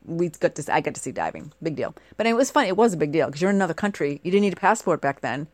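A woman's voice: sits low, fast talker, dry recording. A woman in her forties from the United States, talking in a casual, rambling monologue and often asking rhetorical questions. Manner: chatty, animated, asks rhetorical questions.

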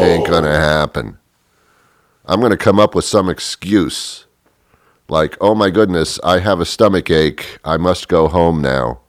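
A man ranting sarcastically in a comedic monologue, exasperated, often leaping into a shrill mock-outraged pitch. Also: no echo, studio quality.

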